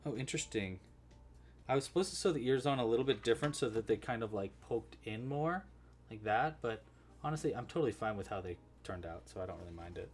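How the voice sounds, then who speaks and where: A man's voice: fairly low pitch, animated, fast, faint music behind. A man hosting a casual crochet-along livestream, chatty and thinking aloud as he works.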